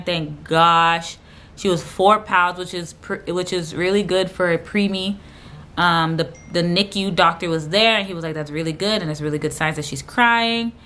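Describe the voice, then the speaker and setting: A woman's voice: on the low side, fairly bright tone, a little hiss or hum. A young woman vlogger telling a personal story to camera in a casual, rambling way with lots of fillers. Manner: fast, rambling, lots of fillers and quoted dialogue.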